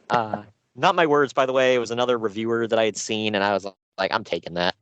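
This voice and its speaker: A man co-hosting a casual podcast about wrestling shows, sarcastic and animated, laughing often. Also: lowish voice, a little fast, clear, resonant tone, no room sound, dull audio.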